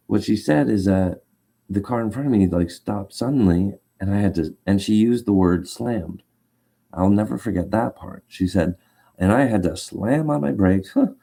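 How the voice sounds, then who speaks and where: Man, agitated rambling storyteller; very dark, low-set voice. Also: vocal fry. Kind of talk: casual rant.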